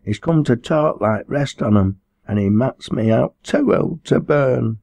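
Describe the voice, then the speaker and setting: A man's voice: medium pitch, animated, measured pace, gravelly, warm tone, no echo, muffled recording, voice pushed up. A man voicing a querulous young village woman, complaining in a broad Lancashire dialect.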